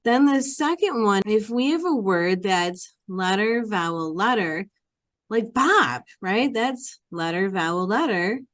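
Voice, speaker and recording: A woman teacher walks through a reading lesson in a patient, repeating classroom way. She speaks slowly at an ordinary pitch. The recording is dry, with no room around her. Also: no echo. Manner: patient, repetitive classroom explaining. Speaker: Hebrew teacher. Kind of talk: explaining a reading lesson step by step.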